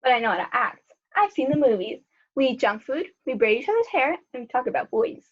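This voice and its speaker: Young woman as a sheltered rich girl, breezy and quick, high lively voice, husky, dull lo-fi sound. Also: exaggerated voice. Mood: eager. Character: rich sheltered girl at her first sleepover. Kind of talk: student skit acting. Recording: dull lo-fi school video audio.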